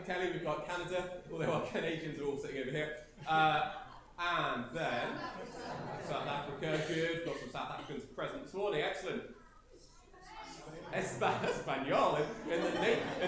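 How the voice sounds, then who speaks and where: A man leading a morning church service, joking with the congregation in a playful, chatty way with many fillers. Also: a little high. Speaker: preacher. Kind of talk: lively church service talk. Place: large church hall with congregation. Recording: echoey church hall with congregation.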